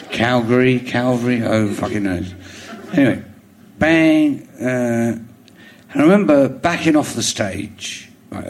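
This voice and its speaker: A middle-aged man with a London accent, a comedian guest telling a rambling anecdote on stage before a live audience, with halting restarts, chuckling as he goes. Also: medium pitch, slight background noise. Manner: rambling storyteller, halting restarts, chuckles through his stories.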